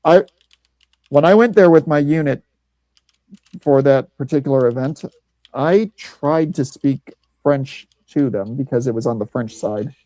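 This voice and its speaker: A man from Missouri rambles through an anecdote, circling back and restarting his sentences. His voice is mellow and dark, and the sound is dry and close. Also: medium pitch, unhurried, no room sound, rough recording. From Missouri, USA. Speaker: podcast host. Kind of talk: casual chat.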